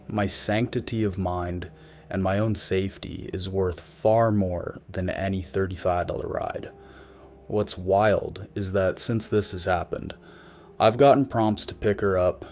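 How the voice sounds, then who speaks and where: A man narrating a creepy story in a wry, matter-of-fact way. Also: sits low.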